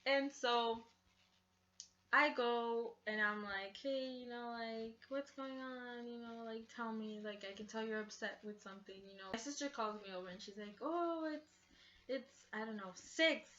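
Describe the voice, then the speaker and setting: Young woman, bright tense voice, chatty storyteller, swears a lot, muffled lo-fi audio. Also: a little high, steady tone, moderate pace. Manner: chatty, swears, lots of fillers. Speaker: vlogger. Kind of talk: casual storytime. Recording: dull lo-fi sound.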